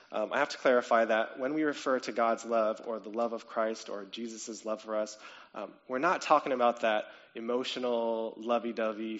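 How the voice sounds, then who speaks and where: A man's voice: medium pitch, dull audio. A man preaching a sermon in a conversational way, often checking in with "okay?" and "right?" and lifting his voice on questions. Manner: animated, rising to excited questions. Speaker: pastor.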